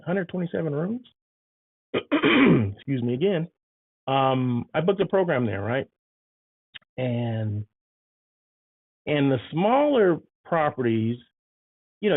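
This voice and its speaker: Chatty man, casual vlog, gravelly husky voice, tinny phone-like audio. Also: medium pitch, no echo. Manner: chatty, keeps checking in with "right?" and "okay?". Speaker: hotel site selection planner and vlogger.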